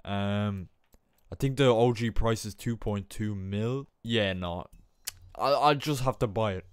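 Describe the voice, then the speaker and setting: Excitable young man narrating his gameplay. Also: on the low side, a little slow, smooth, dry recording, clean studio sound. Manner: excitable, self-mocking, exclaims often. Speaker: gaming YouTuber. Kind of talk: casual gameplay commentary.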